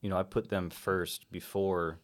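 Laid-back low-voiced young man. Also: flat delivery, unhurried. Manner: laid-back, lots of yeahs and fillers, swears freely. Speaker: podcast guest, black metal musician. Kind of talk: casual chat.

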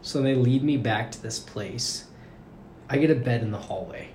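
A man's voice: medium pitch, moderate pace, a little mellow. A young man telling a long story in casual chat, rambling and saying "like" constantly. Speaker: podcast guest recounting a story. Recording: roomy room with faint noise.

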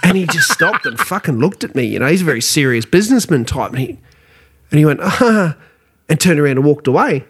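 A man's voice: fairly high pitch, huge pitch swings, a little fast, husky. An Australian man telling a story as a podcast guest, blunt and self-mocking, swearing freely. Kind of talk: casual storytelling.

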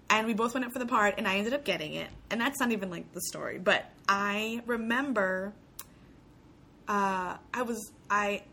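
Bright-voiced chatty woman from Puerto Rico. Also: medium pitch, gravelly, a little hiss or hum. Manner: chatty, laughs often, many restarts. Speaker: guest, actor. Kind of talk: casual interview conversation.

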